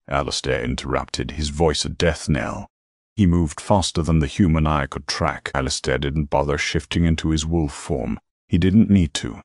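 A man narrating a fantasy story in a dramatic, measured style. His voice is extremely deep, and the recording is dry and close. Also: no room sound. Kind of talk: scripted narration.

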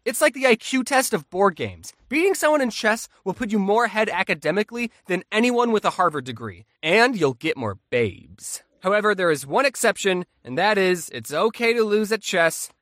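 A man giving comedic storytime narration in a deadpan, self-deprecating way. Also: high voice, no room sound, clean studio sound. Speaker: animated storyteller.

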